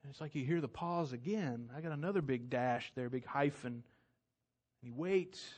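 A man preaching a sermon, swinging between loud emphatic declarations and hushed, intimate appeals. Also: mid-range voice, normal speed. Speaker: pastor.

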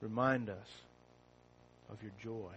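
A man preaching a sermon. He opens with a prayer, then reads scripture slowly and with rising force. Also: fairly low pitch, muffled recording, slight background noise. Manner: slow and deliberate, rising loud when reading scripture.

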